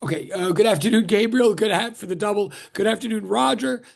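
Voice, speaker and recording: A man's voice: high voice, a little fast, creaky. A man teaching physics on a video call, greeting students one by one in a chatty, joking way that keeps interrupting itself. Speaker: physics professor. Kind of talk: casual online lecture greeting.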